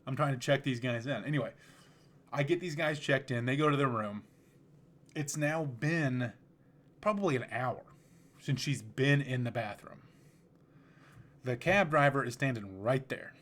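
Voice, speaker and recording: A man hosts his own podcast, telling stories in a relaxed, rambling way. He often restarts his sentences, and his voice sits at an ordinary middle pitch. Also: unhurried, pauses often. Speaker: podcast host. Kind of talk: casual storytelling.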